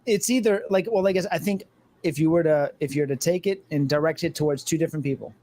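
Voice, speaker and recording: A man's voice: fairly high pitch, quick pace, dark tone. Emphatic, swearing man on a podcast. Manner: emphatic, argumentative, swears freely. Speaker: podcast co-host. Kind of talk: casual podcast chat.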